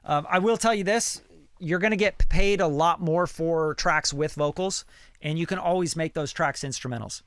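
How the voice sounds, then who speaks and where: A man's voice: a little high, normal speed, fairly bright tone, smooth, dry recording. A man, a music producer, answering viewer questions in a loose, slangy livestream chat full of fillers. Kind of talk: casual livestream Q&A.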